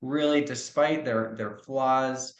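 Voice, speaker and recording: A man's voice: medium pitch, steady tone, slow pace. Earnest man in an echoey room. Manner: earnest, reflective, acts out example dialogue. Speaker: trauma coach, podcast guest. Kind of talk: conversational podcast interview.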